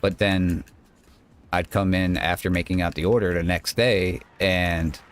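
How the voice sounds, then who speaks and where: A man's voice: low voice, steady tone, unhurried, slight background noise. A male streamer telling a rambling, casual story while playing a game, quoting people and swearing now and then.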